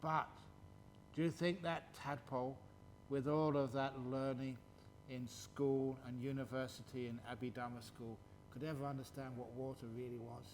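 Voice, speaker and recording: Answering questions during a playful dharma talk at a retreat, this male Buddhist monk chuckles and lengthens words slowly for emphasis. His pitch is medium, his delivery flat, and there's a little background noise.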